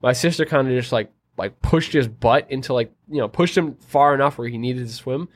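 A man's voice: mid-range voice, fairly quick. A man chatting casually on a podcast, telling stories in a laid-back, slangy way. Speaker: podcast guest or co-host. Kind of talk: casual chat.

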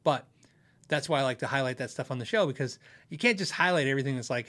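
A man's voice: a little high, quick pace, fairly bright tone. A middle-aged man hosting a guitar show, chatting casually with viewers, rambling and laughing often at himself. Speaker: host of a guitar show answering viewer questions. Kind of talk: casual live-stream chat.

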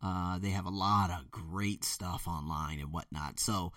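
A man's voice: sits low, measured pace, hardly any pauses, sharp tone, no room sound, distant mic. Guy vlogging about family, candid and rambling, sits back from a dry-sounding mic. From United States. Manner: rambling and candid, quotes others in a mimicking voice. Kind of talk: personal storytelling monologue.

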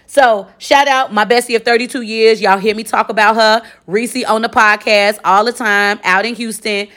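A woman's voice: fairly high pitch, moderate pace. A woman in her forties from Chicago hosting her own podcast, talking casually and animatedly to listeners, often checking in with "okay?". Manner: chatty, animated, lots of direct address and 'okay?'. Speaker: podcast host. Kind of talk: casual solo podcast recap.

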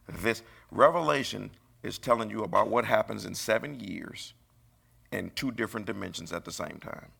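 A middle-aged man preaching a sermon, emphatic and rising into high bursts. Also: moderate pace, creaky, sharp tone, slightly rough.

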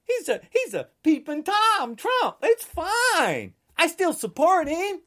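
A woman's voice: very high-pitched, wildly swooping pitch, slow, a bit bright, voice pushed up, heavily acted. A woman mocking a smug male politician with a sing-song voice. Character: smug male politician cheerfully backing his leader.

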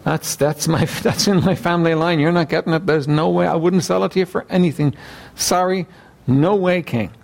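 A preacher as a stubborn, blunt landowner. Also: male voice, on the high side, moderate pace, vocal fry, darkish tone. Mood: defiant. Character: stubborn landowner man, flatly refusing a king.

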